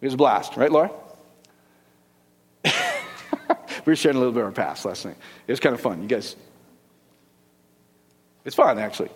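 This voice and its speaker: A middle-aged male pastor preaching a sermon in a church hall, lively and joking, firing rhetorical questions at the congregation. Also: mid-range voice, normal speed, long pauses, slightly rough. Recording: long hall reverb.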